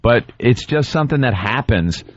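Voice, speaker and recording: A man's voice: mid-range voice, expressive, normal speed. Sarcastic male radio host, lo-fi. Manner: sarcastic, joking. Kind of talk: casual radio banter. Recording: dull lo-fi radio broadcast.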